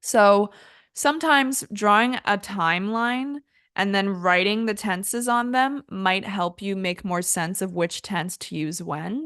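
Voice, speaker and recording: A young woman teaches an English lesson in an easygoing, chatty way, often laughing at her own mistakes. Her voice sits at an ordinary middle pitch. It is recorded close and dry, with no room echo. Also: a bit bright. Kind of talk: casual online English lesson.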